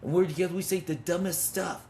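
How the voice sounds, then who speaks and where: A man's voice: high-pitched, fairly even intonation, quick pace, vocal fry, darkish tone, a little hiss or hum. A man in his fifties telling a personal story with intensity and blunt, swearing talk, as a men's ministry leader. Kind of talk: testimony in conversation.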